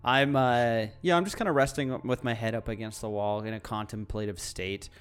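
A man's voice: medium pitch, steady tone, brisk, clear, resonant tone. A man playing his character in a tabletop game, rambling and laughing often. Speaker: player. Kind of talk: tabletop role-play.

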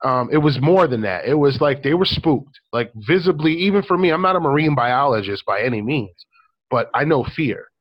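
A man's voice: medium pitch, expressive, moderate pace, muffled recording. A man chatting casually on a podcast, telling a story with lots of ums and likes. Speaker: podcast co-host. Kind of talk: casual chat.

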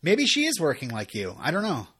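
A man's voice: a little high, huge pitch swings, fairly quick, fairly bright tone, breathy edge. A man in his thirties co-hosting a podcast, recapping episodes in a rambling, self-interrupting way with frequent chuckles. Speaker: podcast co-host. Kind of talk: casual recap chat.

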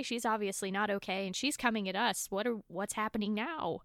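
A woman's voice: medium pitch, fairly even intonation, a little fast, few pauses, fairly bright tone, no room sound, studio quality. A woman who sounds younger than her age, speaking thoughtfully in a casual chat.

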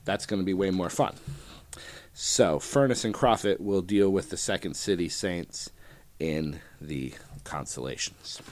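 A man's voice: medium pitch, darkish tone. A man hosting his own podcast, chatting casually and rambling with lots of fillers and restarts. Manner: rambling, self-deprecating, many fillers. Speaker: podcast host. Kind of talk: casual solo podcast chat.

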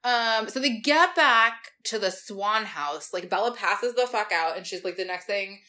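A woman's voice: medium pitch, unhurried, sharp tone. A woman co-hosting a casual book podcast, recapping chapters with sarcastic asides and frequent swearing. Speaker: podcast co-host. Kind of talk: casual book-discussion chat.

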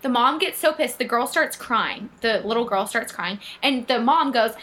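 Bright high-voiced young woman podcaster. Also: normal speed. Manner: animated, swearing, acts out quotes. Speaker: podcast co-host. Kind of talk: casual storytelling chat.

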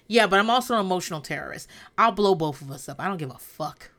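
Speaking fast and expressively, this female podcast host keeps her recap casual, blunt, and profane, laughing frequently. Her voice sits on the low side and has a fairly bright tone, picked up by a podcast mic.

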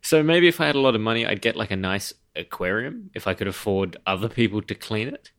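Easygoing low-voiced man, self-deprecating. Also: sing-song, quick pace, fairly bright tone, no echo, studio quality. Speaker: podcast guest, radio worker. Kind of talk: casual podcast chat.

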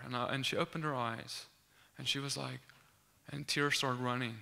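A young man recounts a faith testimony in a very bright, crisp, clear voice. He tells it earnestly and acts out the dialogue, restarting his sentences as he goes. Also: mid-range voice, normal speed, pauses often. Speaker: student sharing a faith testimony. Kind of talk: animated testimony storytelling.

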